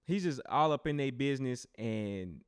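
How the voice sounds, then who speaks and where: A young adult man hosting a podcast and telling a personal testimony in a loose, animated, conversational way, often speaking straight to his listeners. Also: medium pitch, normal speed, clean tone, no room sound, studio quality. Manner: animated storyteller who talks straight to listeners; loose and conversational, with frequent restarts. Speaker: podcast host.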